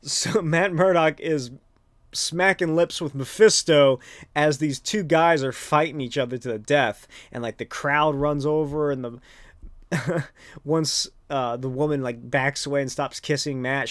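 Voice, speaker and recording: A man's voice: mid-range voice, steady tone, a little slow, no echo. A man hosting a podcast, recapping a comic in a rambling, casual way with lots of swearing and filler words. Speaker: podcast host.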